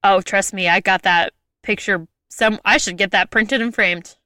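A young woman telling a travel story in a casual chat, lively and full of "like" fillers. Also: medium pitch, moderate pace, dry recording, clean studio sound. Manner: lively, chatty, frequent "like" fillers.

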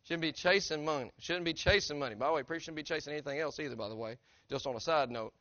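A man's voice: fairly high pitch, fast talker, fairly bright tone, dry recording, dull audio. A middle-aged man, preaching a sermon as a pastor in a conversational, earnest way that keeps asking his congregation direct questions. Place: church sanctuary.

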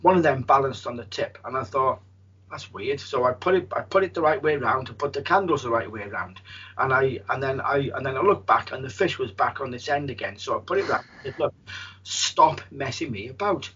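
A medium with a husky voice, telling a story in a rambling way, with many restarts. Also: male voice, medium pitch, animated, fast talker, fairly bright tone, dull audio. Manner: rambling, frequent restarts and fillers. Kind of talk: storytelling in an interview.

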